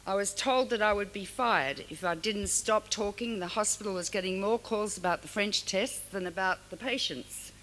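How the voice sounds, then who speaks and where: With a medium pitch, normal speed and hardly any pauses, an older Australian woman tells frank stories in an award speech, adding animated asides for her audience. The recording, made in a large hall, has long reverb and faint hiss.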